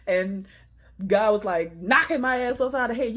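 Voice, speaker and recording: A woman's voice: fairly high pitch, slow, pauses often. A young woman tells a casual storytime. She swears freely and acts out the quotes. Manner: animated, laughing, profane, acting out quotes.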